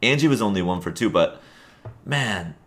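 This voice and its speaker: A man with a very low voice co-hosts a casual sports podcast. He rambles through game notes with lots of fillers and little chuckles. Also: animated, moderate pace, a bit bright. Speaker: podcast co-host.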